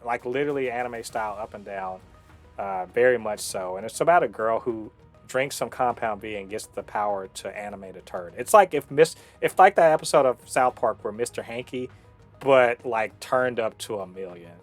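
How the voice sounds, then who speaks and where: A man co-hosting a casual review show, talking in an animated, profane way full of fillers and restarts. His voice sits in a middle pitch. Faint music plays behind him. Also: normal speed. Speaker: podcast co-host reviewing shows. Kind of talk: casual chat.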